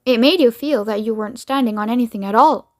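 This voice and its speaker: Woman, read-aloud narration, children's storybook, steady, fairly high voice. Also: fast. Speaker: reader.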